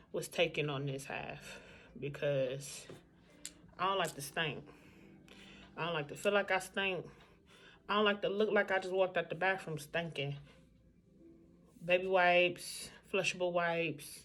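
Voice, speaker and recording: A woman's voice: lowish voice, unhurried, long pauses, a bit bright. A woman vlogging in a casual, candid chat, talking straight to her viewers.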